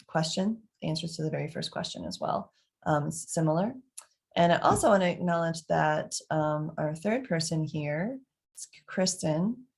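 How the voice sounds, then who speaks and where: A middle-aged woman parenting coach answering parents' questions, who acts out calming scenes as examples and talks with many fillers and restarts. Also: low-pitched, creaky.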